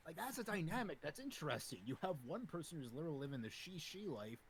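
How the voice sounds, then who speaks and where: Animated rambling man in casual chat. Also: on the high side, fast, slight background noise. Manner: rambling, animated, lots of fillers. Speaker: podcast co-host.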